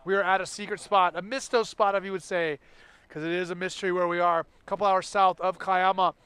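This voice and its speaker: A man calling a live sports contest play-by-play, in an energetic, exclamatory way. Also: high voice, fairly quick, clean tone, no room sound. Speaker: contest commentator.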